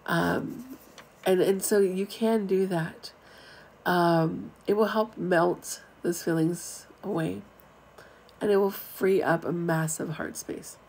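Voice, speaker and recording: A woman's voice: on the low side, steady tone, slow pace, gravelly, darkish tone, husky, low-quality recording. A middle-aged woman giving a frank, chatty spiritual talk to online viewers, with casual asides. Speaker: spiritual teacher. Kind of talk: live-streamed spiritual talk.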